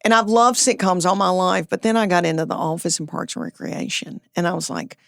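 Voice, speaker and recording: A woman in her fifties with a Tennessee Southern accent, a comedian chatting with animated, self-deprecating storytelling. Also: lowish voice, a little fast, creaky, no room sound, studio quality. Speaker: comedian guest. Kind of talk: casual chat.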